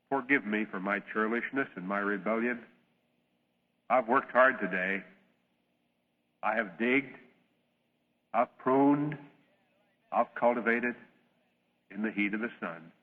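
A man preacher voicing a churlish young son in a parable, complaining and balky, on a tinny old radio broadcast with long reverb. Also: on the low side. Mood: remorseful. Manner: defiant then remorseful, drawn-out complaining.

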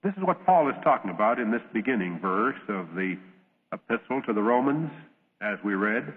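A man preaching a sermon, reading scripture in a measured, solemn way and telling a parable. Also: fairly low pitch, very animated. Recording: tinny old radio broadcast, long reverb.

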